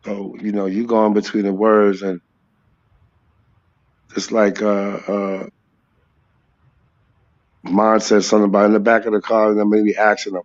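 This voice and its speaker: A man's voice: lowish voice, level tone, unhurried, pauses often, highs cut off. A man from New York, a rapper guest, talking loosely in a casual interview and drifting from one thought to the next. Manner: rambling, sings snatches of songs.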